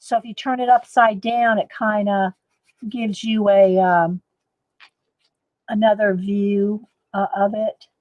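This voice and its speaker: A woman's voice: mid-range voice, little pitch movement, slow, no echo, highs cut off. A woman chatting casually to viewers while painting in a live art demo. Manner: chatty, laughs often, talks to viewers.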